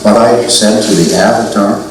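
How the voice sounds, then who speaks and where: A man's voice: lowish voice, moderate pace. An older man giving a seminar talk, telling a personal story in a reflective way, often repeating phrases and acting out the dialogue he quotes. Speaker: seminar speaker. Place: meeting room at a spiritual center. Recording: very echoey room, mic far off, faint hiss.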